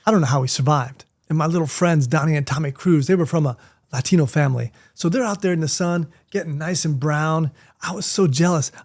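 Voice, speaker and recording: A man in his sixties with a fairly high voice spins casual vlog stories. His delivery is punchy and animated, and it swells loud and emphatic when he gets going. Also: a little fast. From Miami, Florida, US. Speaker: vlog host and martial arts teacher.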